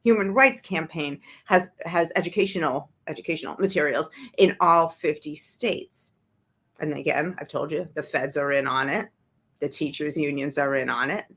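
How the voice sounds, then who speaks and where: A woman with a somewhat low voice hosts a livestream and talks straight to her viewers. Her delivery is indignant and biting, full of sarcasm. She speaks as the regular host of her own show. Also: normal speed, a bit bright. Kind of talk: livestream commentary.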